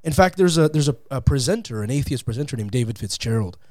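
A man speaking as a guest in a casual interview, animated and acting out quotes in different voices, on a close studio mic. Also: medium pitch, fast, dry recording. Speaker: podcast guest, atheist comedian.

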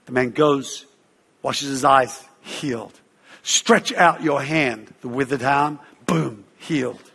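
A man preaching and telling a story, animated, acting out the voices of others and using fillers like "uh" and "you know". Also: medium pitch, slightly rough, big-room sound. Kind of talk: sermon storytelling.

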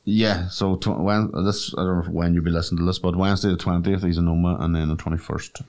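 Deep-voiced man chatting. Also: fast. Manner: relaxed, chatty, swearing. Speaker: podcast co-host. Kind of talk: casual comedy chat.

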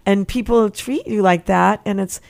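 A woman counselor talking as a guest in an interview, energetic and chatty, with many asides and restarts. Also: mid-range voice, normal speed, vocal fry. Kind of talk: casual interview chat.

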